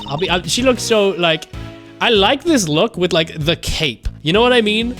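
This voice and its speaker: A young man streaming a game live, rambling and excitable with lots of fillers. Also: high-pitched, moderate pace, soft background music.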